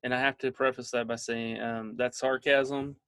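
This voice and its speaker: A man's voice: medium pitch, level tone, moderate pace, fairly bright tone, smooth, no room sound. A middle-aged man giving a casual training talk to parents, telling stories with lots of filler words. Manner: conversational, storytelling with filler words.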